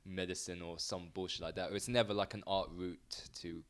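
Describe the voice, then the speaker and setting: A man's voice: sits low, level tone, moderate pace. A man co-hosting a casual podcast, rambling with lots of fillers and hesitations. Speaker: podcast co-host. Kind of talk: casual chat.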